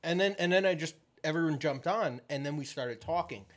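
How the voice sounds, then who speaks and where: A man's voice: fairly high pitch, a little fast. A man from New York co-hosting a casual podcast, who tells loose, rambling anecdotes. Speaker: podcast co-host. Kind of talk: casual live chat.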